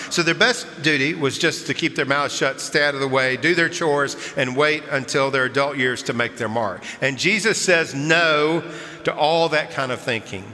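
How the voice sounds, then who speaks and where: Bright-voiced male pastor preaching in a hall. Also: a little high. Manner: warm storytelling with chuckles, then earnest preaching. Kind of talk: sermon. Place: large church sanctuary. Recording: long church-hall reverb.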